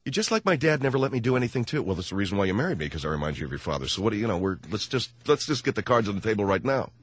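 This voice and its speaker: A man hosting a radio call-in show, telling a story with lots of energy and acting out both sides in a high mock voice. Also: very animated, very fast, fairly bright tone, no echo. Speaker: radio talk show host.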